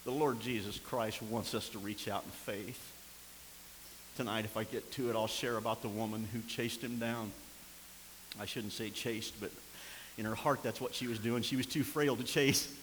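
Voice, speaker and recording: An older man preaching a sermon as pastor, swinging from impassioned near-shouts down to quiet, low storytelling. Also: fairly even intonation, moderate pace. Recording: long hall reverb with faint hiss.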